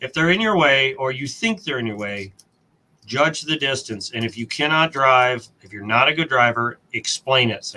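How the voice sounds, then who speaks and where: Bright-voiced American man telling a story. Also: medium pitch, moderate pace, rough recording. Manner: animated storyteller, acts out quotes, mild cursing dodges. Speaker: coin roll hunting host. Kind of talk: casual storytelling chat.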